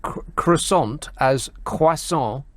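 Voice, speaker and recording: A man's voice: medium pitch, slow, no echo. A man hosting a radio phone-in, talking sarcastically and chattily, with frequent fillers and mocking asides. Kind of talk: talk radio monologue. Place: radio studio.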